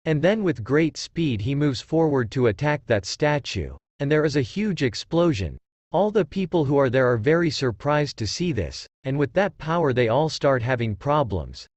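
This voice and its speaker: A man's voice: mid-range voice, lively intonation, moderate pace, darkish tone, dry recording. A man narrating a comic recap in a plain, repetitive retelling.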